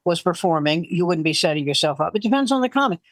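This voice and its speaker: Older comedian spinning animated anecdotes. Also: male voice, fairly high pitch, quick pace, dry recording. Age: 70s or older. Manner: animated storyteller who acts out quoted voices. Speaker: veteran comedian guest. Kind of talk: casual anecdote telling.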